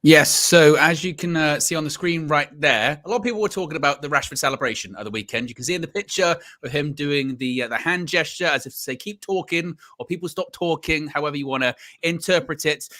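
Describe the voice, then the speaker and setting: A man co-hosting a casual football podcast, laying out the news in a measured, hedging way. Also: a little high, pushed and bright. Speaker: co-host.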